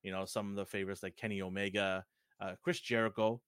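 Low-voiced and quick, this middle-aged man from Fiji tells stories as a podcast co-host, acting out dialogue in a casual, animated chat. His tone is clean, and the dry recording is studio quality.

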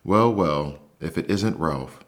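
A man with a deep voice playing a tactless, blunt uncle mouse in a bedtime storybook reading. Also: expressive, slow, full character voice.

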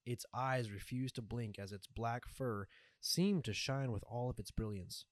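A man reading a story aloud in a measured, even way. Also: mid-range voice, no room sound. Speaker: narrator. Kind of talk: scripted story narration.

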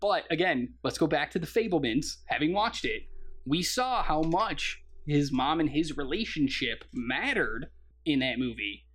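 A man's voice: fairly high pitch, lively intonation, unhurried, a bit bright, slightly rough. A man co-hosting a casual movie review chat, eager and laughing often as he acts out lines from the film. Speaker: podcast co-host.

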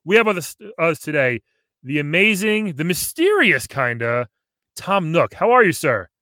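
A man hosting a comedy podcast, excitable and joking, laughing often, on a close mic. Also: on the high side, normal speed, no echo. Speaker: podcast host.

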